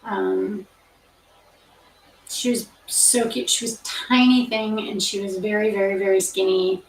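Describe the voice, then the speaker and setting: A middle-aged woman from Canada, chatting casually and rambling softly with fillers between study sessions. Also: mid-range voice, flat delivery, unhurried, gravelly, far from the mic. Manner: soft, rambling storytelling with many fillers. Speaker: nursing grad student, study-with-me host. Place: home room. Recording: roomy, from off the mic.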